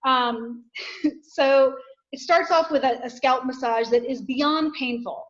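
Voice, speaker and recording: A woman's voice: high-pitched, takes it slowly. A woman guest author talking casually on a podcast, telling candid, self-deprecating stories. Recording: dull, muffled sound.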